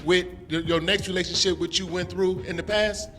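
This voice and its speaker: Blunt bright-voiced man on a chat show. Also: high voice, steady tone, slight background noise. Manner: blunt, quick to argue. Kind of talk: casual talk-show chat. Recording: reverberant room with music behind.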